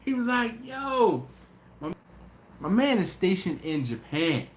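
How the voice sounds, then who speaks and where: A tired man hosting a casual livestream, telling stories in a lively way and doing voices for his friends. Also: high-pitched, slow pace. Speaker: BBQ channel host. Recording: echoey room with faint noise.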